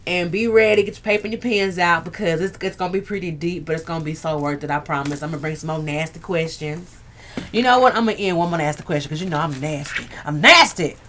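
Lady with a lowish voice chatting live to her viewers, blunt and earthy, swears a lot. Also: quick pace, a little hiss or hum. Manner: candid and earthy, swears, talks straight to viewers. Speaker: livestream host. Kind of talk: casual live-stream chat with viewers.

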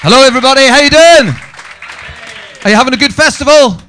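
Over a faint crowd and a little hiss or hum, a stand-up comedian from Northern Ireland performs live on a comedy venue stage. His very high-pitched voice is fast and fairly bright as he delivers a brash, sweary set and teases the audience.

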